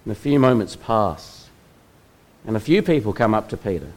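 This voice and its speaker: A man preaching a sermon, retelling a Bible story in a measured way with slow, dramatic pauses. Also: fairly low pitch, very animated, rough recording. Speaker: pastor.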